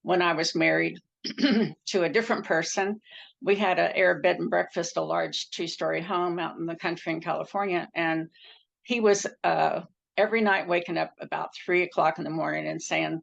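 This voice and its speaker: Woman, low gravelly voice, earnest personal storyteller; dull lo-fi recording. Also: a little fast. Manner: earnest, acts out quoted speech with pitch jumps. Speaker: near-death experience storyteller.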